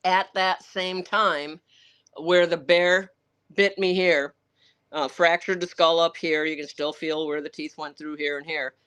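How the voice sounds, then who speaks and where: A woman with a fairly low voice who answers a livestream audience in blunt, rambling anecdotes. She swears now and then without slowing down, and she slips into quoted voices to act out what other people said. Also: steady tone, a bit bright, clear, resonant tone. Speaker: author taking viewer questions. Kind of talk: candid livestream Q&A storytelling.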